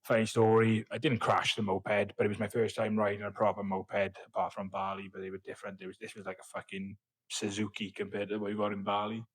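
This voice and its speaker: A man's voice: on the low side, completely flat delivery, fast talker, slightly rough, no echo, rough recording. A young man, a podcast guest telling rambling, sweary, self-mocking stories. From Wales. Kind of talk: casual chat.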